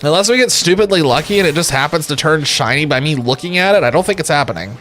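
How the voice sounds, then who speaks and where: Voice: lively intonation, fast talker, a bit bright, faint music behind. A young adult streamer giving jokey live commentary while playing a game, swearing casually and humming nonsense now and then. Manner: puts on a squeaky high voice for gags.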